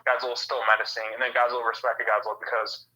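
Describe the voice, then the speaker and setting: A man's voice: mid-range voice, level tone, rapid-fire, pushed and bright. A young man, a podcast guest, talking on a phone while walking outdoors, a bit out of breath and rambling with many uhs and likes. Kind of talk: casual movie chat. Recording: dull phone-quality audio.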